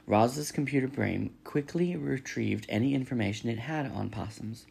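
A man reading a children's novel aloud in a steady storytelling manner, with a gravelly voice. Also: mid-range voice, moderate pace, few pauses. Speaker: reader.

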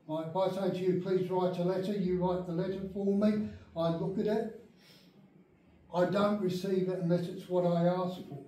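In a church meeting room, a man teaches an adult Bible class emphatically, often checking that listeners follow along. His voice is high-pitched with a dark tone, and the very echoey recording has him far from the mic.

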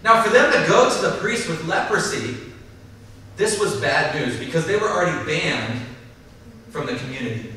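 A man preaching a sermon at a church service, animated, acting out the voices of people in the story. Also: on the high side, moderate pace, far from the mic, slight background noise. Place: church service in a large hall. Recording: echoey hall, mic from afar.

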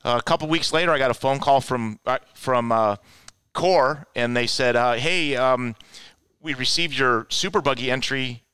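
A man, a guest on a talk show, telling stories in a casual, animated way and acting out the voices of people he quotes. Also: medium pitch, moderate pace, clean tone, dry recording. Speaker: guest, offroad racer. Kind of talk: casual storytelling.

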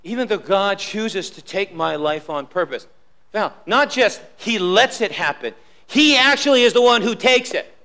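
Man, pastor, very high voice, sharp and bright, emphatic sermon, church. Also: lively intonation, normal speed, gravelly. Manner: emphatic preaching, repeats key lines, drops low for quotes. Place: church sanctuary.

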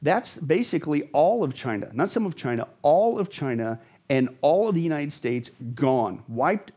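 Intense, husky-voiced preaching man. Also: fairly high pitch, big pitch swings, normal speed, mellow. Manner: intense, dramatic, repeats words for emphasis. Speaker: pastor, guest. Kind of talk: emphatic Bible teaching in conversation.

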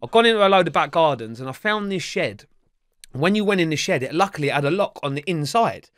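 A man spins a rowdy true story in a podcast interview, swearing constantly and mimicking the people in it. His voice sits a little high for a man. The recording is close and dry, with no room sound. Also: fast, no room sound. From England. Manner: animated, swears freely, acts out the voices of others. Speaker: interview guest.

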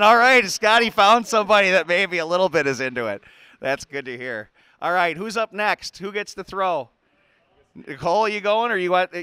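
A man's voice: high voice, sharp tone, smooth, no room sound. A man hosting a sports show, giving joking play-by-play of a silly indoor game in an arena. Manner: playful, chatty, laughs often.

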